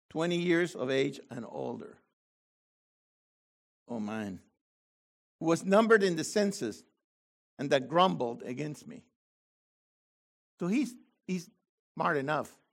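A man preaching a sermon, reading scripture slowly and then breaking into loud, animated exclamations. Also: fairly high pitch.

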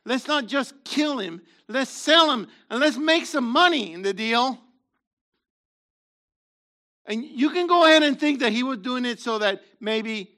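A man preaching a sermon in a theatrical way, acting out voices and swinging from shouts to hushed asides. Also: sits high, unhurried.

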